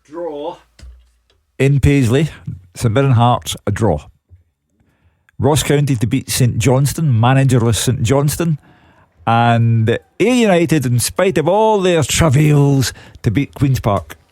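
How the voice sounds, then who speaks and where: A man's voice: mid-range voice, animated, slow pace, pauses often, a little mellow, dry recording. Scottish male pundit, dry studio sound, wry delivery. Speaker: radio football pundit. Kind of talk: casual radio sports chat. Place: radio studio.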